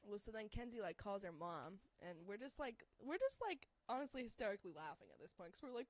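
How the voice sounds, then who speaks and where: This medium-pitched young woman talks briskly with few pauses and big pitch swings, in a clip with no room sound. Her story wanders casually, heavy on "like," and she laughs throughout.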